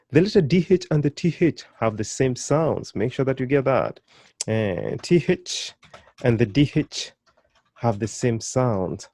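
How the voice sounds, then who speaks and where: A man teaching a beginner pronunciation lesson, drilling syllables slowly and encouraging the learner. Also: medium pitch, expressive, mellow, no room sound. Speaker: language teacher.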